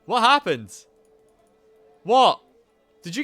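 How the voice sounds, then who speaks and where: A young man live-streaming a game, chatting casually and loudly greeting viewers by name, with a rambling, swearing manner. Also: fairly high pitch, normal speed, dry recording, soft background music. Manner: animated, loud greetings to viewers.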